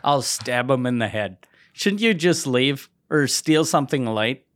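A man's voice: mid-range voice, lively intonation, a little slow, a bit bright, no echo. Crude, blunt man co-hosting. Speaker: podcast co-host. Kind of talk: casual podcast banter.

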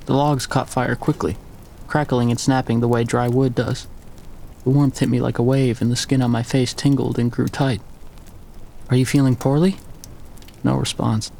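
A man giving a measured, scripted first-person story narration. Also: medium pitch, flat delivery, vocal fry, a little mellow, slight background noise.

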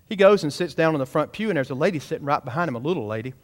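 Pastor in the pulpit, high-pitched, emphatic, pushes the congregation to respond. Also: male voice, lively intonation, racing, few pauses. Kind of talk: sermon. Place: church sanctuary.

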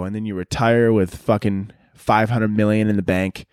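A man's voice: fairly low pitch, level tone, moderate pace, hardly any pauses, a little mellow, clean tone, no echo, clean studio sound. A young man hosting a solo podcast, ranting and joking in a profane, rambling way and slipping into silly voices. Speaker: podcast host. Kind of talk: solo comedic podcast rant.

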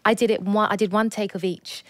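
A woman's voice: mid-range voice, a little fast, no room sound. A British woman, an actor, chatting casually on a podcast and telling stories with acted-out quotes. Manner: animated storyteller, acts out quoted dialogue. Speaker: actor guest.

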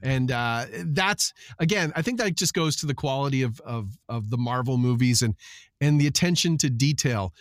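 A man's voice: mid-range voice, lively intonation, moderate pace, no echo, clean studio sound. A man who works as a voice actor, chatting casually on a podcast panel in a rambling, laid-back way.

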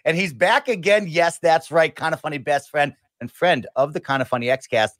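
A man's voice: on the high side, a little fast, hardly any pauses, a bit bright, no echo. A man hosting a podcast, introducing guests in an upbeat, playful way. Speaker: host.

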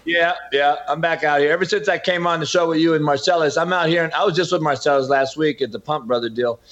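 In a fairly high, slightly bright voice at a quick pace, a middle-aged man who coaches football and podcasts gives an impassioned guest interview. He speaks emphatically, often using the host's name, and the recording sounds dull and lo-fi.

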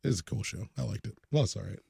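A man in casual podcast chat, blunt and profane, muttering asides and then bursting out loud. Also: lowish voice, quick pace, vocal fry, breathy edge, no room sound, clean studio sound. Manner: blunt, profane, jumps between mumbling asides and loud outbursts.

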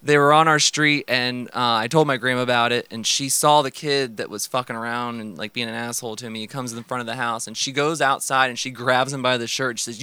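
A man's voice: medium pitch, fairly even intonation, brisk, hardly any pauses, pushed and bright, smooth, dry recording. A young man telling family stories casually on a podcast, rambling with lots of fillers and laughs. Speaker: guest.

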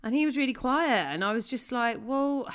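A woman's voice: high voice, normal speed, smooth. Chatty woman telling a story. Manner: chatty storytelling, laughs often. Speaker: podcast co-host. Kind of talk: casual chat.

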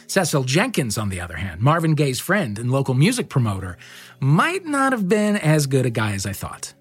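A podcast host reads scripted narration in a measured, wry way. His husky voice rises and falls in lively swings. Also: mid-range voice, soft background music.

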